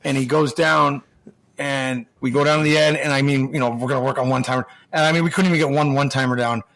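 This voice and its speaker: A middle-aged man, a former hockey player and podcast guest, telling profane locker-room stories in a lively, casual way full of restarts. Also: mid-range voice, quick pace. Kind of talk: casual storytelling chat.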